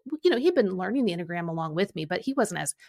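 A middle-aged woman coaching and telling a personal story in an animated way, acting out quoted lines. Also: fairly low pitch, very fast. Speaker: Enneagram coach and podcast host.

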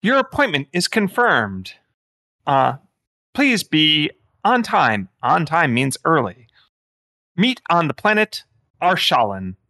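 A man voicing a low-level automated phone assistant with prim, scripted phrasing. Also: big pitch swings, slow pace, long pauses, bright, forceful tone, no echo, studio quality, full character voice.

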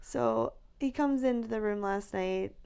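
Gravelly-voiced pregnant woman telling stories. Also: medium pitch, a little slow. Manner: animated storytelling, acts out quotes, laughs often. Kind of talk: casual chat.

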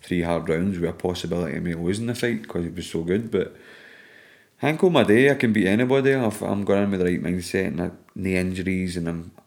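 Low-voiced scottish fighter guy, swears a lot, laughs while telling stories on a podcast. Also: fast talker. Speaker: MMA fighter guest. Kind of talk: casual podcast chat.

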